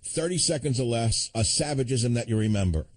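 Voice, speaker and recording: A male radio host takes calls and comments on them in a combative, sardonic tone. He often breaks into chuckling asides. His voice sits at an average pitch for a man. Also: expressive, a little fast. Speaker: radio talk show host. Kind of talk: call-in talk radio.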